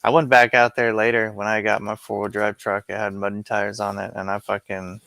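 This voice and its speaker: A man's voice: lowish voice, little pitch movement, a little fast, vocal fry, bright, forceful tone, no echo. A young man in casual chat, telling long profane stories in a rambling way.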